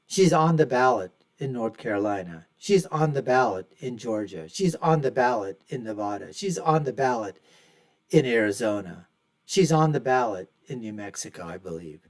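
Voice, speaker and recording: A man's voice: mid-range voice, lively intonation, moderate pace. A man hosting his own show, giving emphatic, opinionated solo commentary and repeatedly calling his listeners folks. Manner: repeats phrases for punch, swings loud and soft. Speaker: show host.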